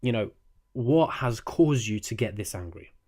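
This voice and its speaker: A man's voice: on the low side, lively intonation, unhurried, dark tone. Earnest young man giving casual advice. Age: young adult. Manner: earnest, repeats "okay?" often, frequent restarts. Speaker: student vlogger giving advice. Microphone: desk microphone.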